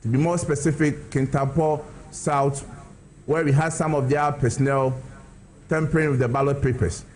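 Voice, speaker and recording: A man giving a formal press statement as a party spokesman, making measured appeals. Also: fairly high pitch, fairly even intonation, darkish tone, rough recording.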